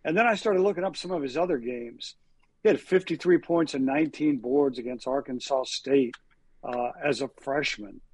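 This co-host of a laid-back sports talk show, a sports reporter, spins meandering stories loaded with stats and filler words. He talks at normal speed in a mid-range, slightly mellow voice with a breathy edge, and the recording has no echo.

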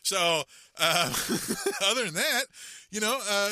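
A middle-aged man rambles through a self-mocking story as a podcast co-host, full of fillers and restarts. His voice is very bright and his pitch jumps around a lot. The sound is dry and close. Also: very animated, measured pace, no echo. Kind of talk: casual chat.

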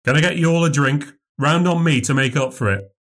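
A narrator plays a middle-aged pub landlord who is firm and apologetic at once. The voice sits slightly above the narrator's own. It is a horror storybook podcast. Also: male voice, on the high side, a little fast, fairly bright tone, pitched above the performer's own voice.

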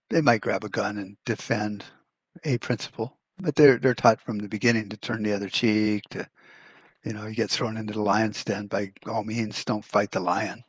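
A man's voice: on the low side, slightly rough, no room sound. A man hosting a prepper podcast, talking in a blunt, profane, rambling way with many restarts. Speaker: podcast host. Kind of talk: casual rant podcast.

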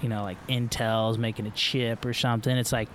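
A middle-aged man from Florida talks casually as a podcast guest, rambling and restarting his sentences, with a lot of "like" and "you know". His voice sits at an ordinary pitch, and faint noise runs underneath. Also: level tone, a little fast. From Florida, USA. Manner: loose and rambling, full of fillers and restarts. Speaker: guest, professional surfer.

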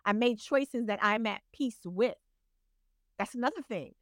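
A woman with a fairly high voice, talking as a guest on a podcast. She speaks in an earnest, motivational way, urging the listener on. The recording is dry and close. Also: a little slow, no room sound. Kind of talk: casual podcast conversation.

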